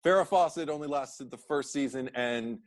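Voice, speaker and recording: A man co-hosting a podcast in casual chat, an animated storyteller who acts out quotes in high put-on voices, laughs often and swears. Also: normal speed, dry recording. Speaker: podcast co-host.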